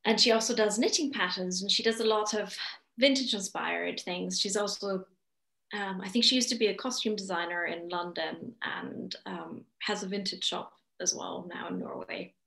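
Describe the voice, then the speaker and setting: A woman's voice: mid-range voice, fairly even intonation, normal speed, creaky, fairly bright tone. A woman whose first language is German, a guest chatting on a video call about her knitting, giggly and correcting herself as she goes. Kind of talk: casual video chat. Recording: roomy echo.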